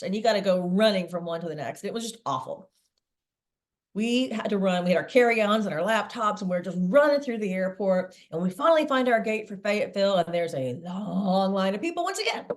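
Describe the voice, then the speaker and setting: A middle-aged woman, a sales veteran interviewed as a guest, telling a long anecdote in a lively way. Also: mid-range voice, a little fast. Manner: lively storyteller, acts out quoted voices.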